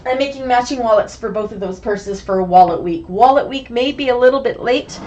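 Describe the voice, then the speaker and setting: Hoarse, sniffly woman teaching a sewing class. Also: on the high side, a little fast, noisy background. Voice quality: raspy. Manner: chatty, greets viewers by name. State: sick with a cold, hoarse and sniffly. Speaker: bag-making sewing instructor. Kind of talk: chatty live online class.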